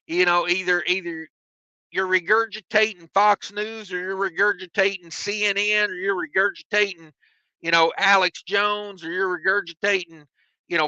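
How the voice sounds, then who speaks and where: A man's voice: high-pitched, bright, forceful tone, no echo, muffled recording. A man, a trucker chatting on his live stream from his truck cab and reading out viewer comments with jokes. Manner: drawling, joking, self-mocking.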